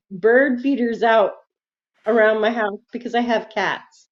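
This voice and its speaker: A high-pitched woman chats on a relaxed livestream, reading out viewer comments and laughing along the way. The sound is dull and lo-fi, like streamed audio. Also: a little slow. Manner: reads viewer comments aloud, laughs often. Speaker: livestream quilting host. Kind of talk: casual livestream chat.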